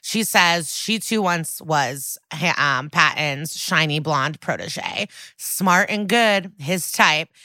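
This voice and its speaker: A woman's voice: low-pitched, animated, takes it slowly, hardly any pauses, sharp tone, no room sound. A woman podcast co-host recapping a TV episode in a casual, sardonic, swear-heavy chat. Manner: sardonic, profane, chatty.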